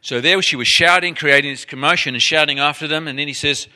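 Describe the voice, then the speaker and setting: Guy preaching a sermon, really bright punchy voice, animated, keeps restarting his sentences. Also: on the high side, fairly quick, hardly any pauses.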